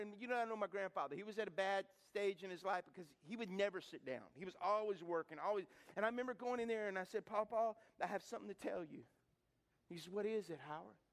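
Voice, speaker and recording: A man's voice: extremely high pitch, fairly bright tone. A man preaches a sermon. He is folksy and emphatic and keeps repeating phrases. He sounds middle-aged. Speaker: pastor.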